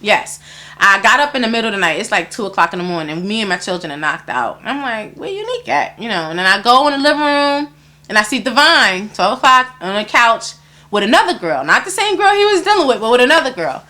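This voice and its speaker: High, bright-voiced woman telling a story. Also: quick pace. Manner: animated, acts out others' lines in quotes, frequent swearing. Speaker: interview guest. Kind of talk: casual storytelling.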